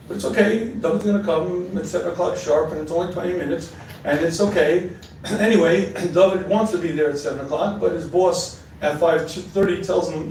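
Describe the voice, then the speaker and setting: A rabbi lectures on marriage, telling stories in an animated way and often pausing to clear his throat. His voice sits a little high for a man. He is recorded from far off, and a large hall's heavy echo surrounds every word. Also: a little hiss or hum. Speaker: rabbi giving a marriage seminar. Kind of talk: sermon-like lecture with storytelling. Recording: echoey hall, mic far off.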